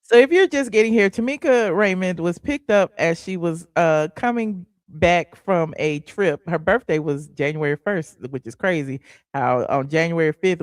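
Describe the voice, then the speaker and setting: A woman hosting a live show, giving lively, teasing commentary on a guest's story. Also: low voice, no echo, clean studio sound. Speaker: host.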